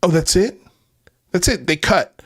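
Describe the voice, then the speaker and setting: A man's voice: high-pitched, expressive, a little slow, fairly bright tone, husky. A man hosting a reaction video, commenting casually on a clip with a lot of profanity and mockery. He laughs often.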